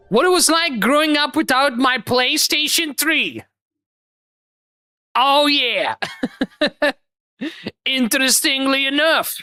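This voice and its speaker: A woman streamer giving loud, playful commentary over a party game, laughing and swearing freely as she goes. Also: sits high, lively intonation, slow pace, pauses often, soft background music.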